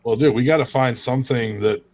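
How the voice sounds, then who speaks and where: A man's voice: medium pitch, brisk, a little mellow, no room sound. An American man co-hosting a casual podcast, joking crudely and laughing often. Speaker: co-host.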